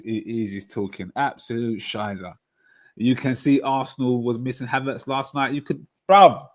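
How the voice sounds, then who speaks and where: A young man, streaming casual football chat with slang-heavy banter, stutters and restarts. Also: mid-range voice. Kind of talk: casual chat reacting to chat messages.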